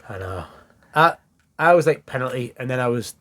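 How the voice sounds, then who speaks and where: A man's voice: medium pitch, animated, normal speed, bright, forceful tone. A man co-hosting a casual football podcast, acting out other people's quotes and swearing casually. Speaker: podcast co-host.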